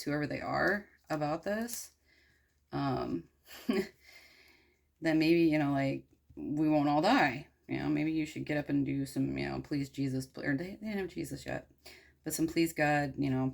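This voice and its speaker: A woman's voice: low voice, a little slow, vocal fry, exaggerated voice. A woman voicing a laid-back male ship captain who rambles in an easygoing way and swears casually. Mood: pleading.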